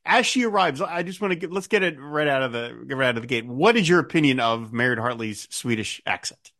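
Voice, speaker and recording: Lively middle-aged man, chatty podcast host. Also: mid-range voice, brisk. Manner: animated, chatty, tangents and asides. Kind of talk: casual chat about a TV show.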